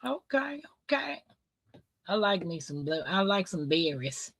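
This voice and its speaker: A woman's voice: on the low side, big pitch swings, unhurried, a bit bright. A woman hosting a casual live chat, talking easily and reading viewer comments aloud. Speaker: livestream host.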